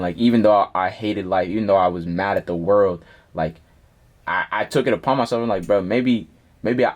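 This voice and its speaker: A young man, a rapper, telling a personal story in a casual interview, full of slang and swearing. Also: fairly low pitch. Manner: slangy, profane, animated storytelling. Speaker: rapper guest.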